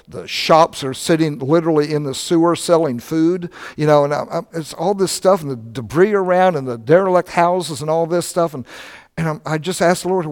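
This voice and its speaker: An older man preaching a sermon, telling stories in a conversational, animated way. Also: on the high side, fairly quick, long reverb tail. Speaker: pastor.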